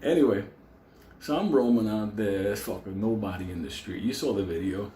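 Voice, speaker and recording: A man telling a profane, animated story in casual vlog style, laughing often and acting out quotes. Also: on the low side, normal speed, roomy sound, slight background noise. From New York City. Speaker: storyteller vlogger.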